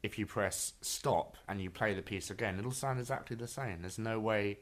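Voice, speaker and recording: A man's voice: fairly low pitch, normal speed. A man co-hosting an interview, practical in tone, steering the talk and reading out listener questions. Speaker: podcast co-host.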